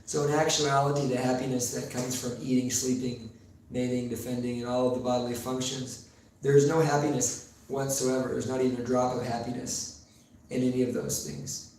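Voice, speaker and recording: A man giving a sermon in a temple hall, telling stories with pauses and fillers, recorded far from the mic in a very echoey room with faint noise. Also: mid-range voice, little pitch movement, a little mellow. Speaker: preacher.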